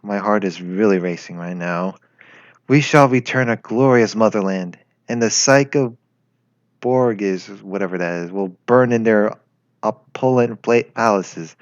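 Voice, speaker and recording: A man's voice: fairly low pitch, measured pace, no echo, close to an everyday voice. A man doing a clingy Russian tank girl. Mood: stirring. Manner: teasing, creepy and doting. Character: clingy, eerie young female Soviet tank girl. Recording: lo-fi with faint music.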